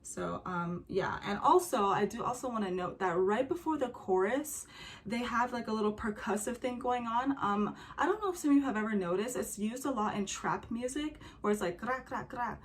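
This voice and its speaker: There's a little hiss or hum on the recording of this young woman, whose voice runs on the high side and sounds animated at a normal pace. She comments casually on a song's music, full of fillers, humming and singing bits to illustrate.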